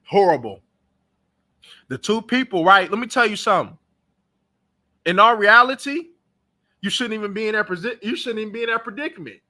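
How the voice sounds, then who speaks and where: A man's voice: high-pitched, animated, brisk, long pauses, pushed and bright. A young man hosting a sports talk show, ranting casually and bluntly about his team and trash-talking its players. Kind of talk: casual sports reaction rant.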